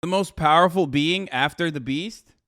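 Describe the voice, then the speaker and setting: A man's voice: a little high, moderate pace, a bit bright, dry recording, studio quality. A man hosting a live stream, joking crudely and rambling in casual chat. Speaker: streamer host.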